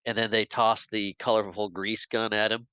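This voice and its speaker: A man's voice: lowish voice, level tone, normal speed, pushed and bright, clear, resonant tone, dry recording, low-quality recording. A man casually recapping a film scene by scene on a podcast, rambling a bit and laughing often. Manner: rambling play-by-play retelling, acts out quotes, laughs often. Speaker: podcast host.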